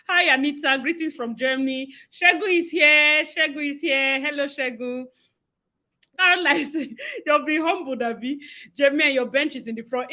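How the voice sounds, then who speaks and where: A woman's voice: high voice, bright, forceful tone. A young woman with a Nigerian accent hosting a casual livestream, chatting and greeting viewers by name with frequent laughter. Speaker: livestream host. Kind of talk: casual live-stream chat.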